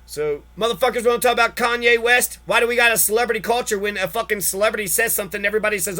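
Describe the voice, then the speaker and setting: Male podcast host, very high pitch, profane, exasperated political rant. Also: racing, few pauses, sharp tone. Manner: heavy swearing, exasperated ranting.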